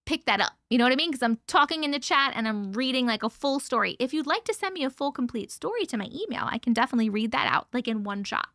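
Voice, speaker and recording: A woman's voice: high voice, animated, a little fast, pushed and bright, no room sound, clean studio sound. A woman hosting a casual live stream, bubbly and laughing as she chats with viewers by name and reads their stories. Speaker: livestream host reading viewer stories.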